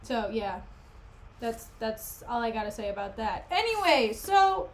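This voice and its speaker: A woman's voice: a little high, very animated, unhurried. A woman streamer chatting casually and jokingly as she reads a play aloud, often wandering off topic. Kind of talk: casual chat while reading a play aloud.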